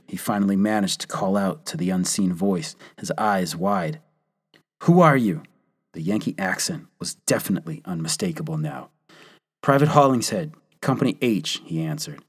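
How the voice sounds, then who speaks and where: A man narrating a history story in a measured, scripted way, lifting his voice for quoted lines. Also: sits low, slightly rough.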